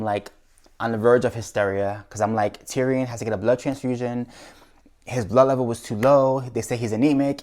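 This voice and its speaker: Anxious man retelling a stressful story. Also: mid-range voice. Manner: anxious, animated retelling with quoted dialogue. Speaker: vlogger. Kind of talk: casual storytelling.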